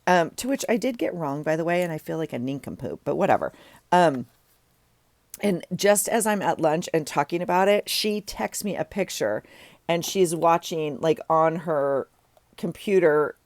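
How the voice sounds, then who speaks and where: A woman's voice: low-pitched, expressive, moderate pace, darkish tone, dry recording. A middle-aged woman chatting casually while she works in her journal, rambling with self-deprecating asides. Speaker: journaling vlogger. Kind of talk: casual chat while crafting.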